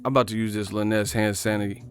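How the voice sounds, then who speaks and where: A man's voice: on the low side, little pitch movement, rapid-fire, soft background music. A man from the Bay Area hosting a livestream, riffing in casual, profane slang. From San Francisco Bay Area. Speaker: livestream host.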